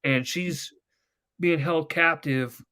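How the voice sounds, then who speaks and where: A young man with a somewhat high voice talks loosely and at length. He rambles through retold TV scenes, swearing freely in casual podcast chat. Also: slow pace, background noise. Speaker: podcast host.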